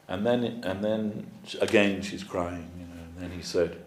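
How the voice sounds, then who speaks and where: A man's voice: low-pitched, steady tone, normal speed, hardly any pauses, reverberant. A man giving a storytelling sermon as a spiritual teacher, conversational with many fillers. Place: temple hall.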